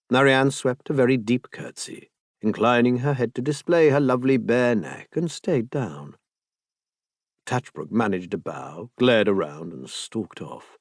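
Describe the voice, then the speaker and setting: A male narrator reads a novel aloud in a measured, expressive way. His pitch moves a great deal from phrase to phrase. The recording is dry and close, with no room sound. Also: dry recording. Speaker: audiobook narrator. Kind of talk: scripted narration.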